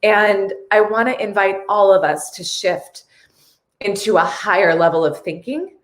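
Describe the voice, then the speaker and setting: A woman's voice: medium pitch, measured pace, echoey room. A woman hosting a casual live stream, earnest and tearful, reading viewer comments aloud.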